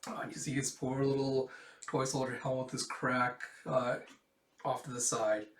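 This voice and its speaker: A man's voice: medium pitch, little pitch movement, moderate pace, a bit bright. Male reaction host reading a comic, rambling delivery, roomy sound. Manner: rambling, with restarts and "it's like". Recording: echoey room.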